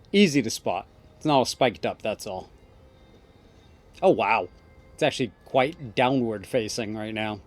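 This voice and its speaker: A man hosting a let's play, commenting casually with goofy, self-mocking asides. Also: mid-range voice.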